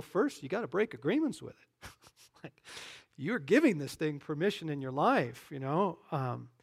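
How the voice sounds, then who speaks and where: A man's voice: on the high side, creaky. A man preaching a sermon and leading a group in declarative prayer, earnest and emphatic. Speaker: pastor.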